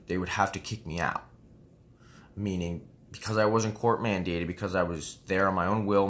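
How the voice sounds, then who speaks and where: This man in his twenties speaks low with a fairly bright tone while rambling casually through a story from his own life. Working as a vlogger, he peppers it with "you know what I mean" and the occasional curse word.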